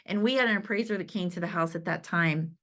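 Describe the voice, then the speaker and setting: A woman's voice: on the low side, fast talker, fairly bright tone. Upbeat woman giving a motivational talk. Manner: conversational and upbeat, with frequent "right?" asides and laughs; acts out remembered conversations. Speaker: direct sales leader giving a motivational talk. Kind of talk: motivational talk to a sales team.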